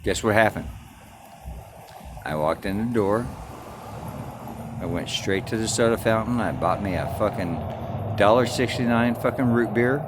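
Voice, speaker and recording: A man's voice: on the low side, background noise. Crude, swearing man ranting defiantly. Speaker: vlogger. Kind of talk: profane storytelling rant.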